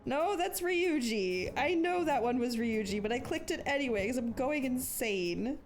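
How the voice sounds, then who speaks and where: A woman's voice: high-pitched, animated, normal speed. A young adult woman streaming a game, chatting casually and self-deprecating, swearing now and then. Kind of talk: casual live gameplay commentary. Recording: game music behind her voice.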